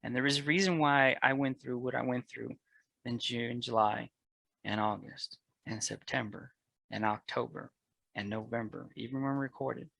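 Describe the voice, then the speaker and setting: A man talking earnestly as a podcast guest about his marriage and his faith, getting loud and fervent at times. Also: medium pitch, steady tone, moderate pace, gravelly, no echo, poor audio. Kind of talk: candid personal conversation.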